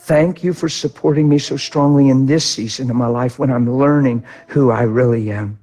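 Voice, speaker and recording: A middle-aged man preaching a sermon with impassioned delivery, swinging from hushed to loud. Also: medium pitch, fairly even intonation, normal speed. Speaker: pastor.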